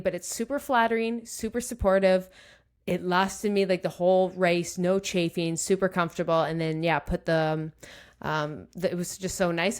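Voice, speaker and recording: Casting: woman podcast co-host, slightly low voice, easygoing and enthusiastic. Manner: upbeat, enthusiastic product recommendations. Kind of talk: casual chat.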